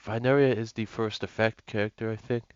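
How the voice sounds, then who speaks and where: A man's voice: on the low side, steady tone, fairly quick, clean tone, no room sound. A young man giving casual gameplay commentary as a gaming YouTuber, rambling with lots of fillers and restarts. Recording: lo-fi with music and mains hum.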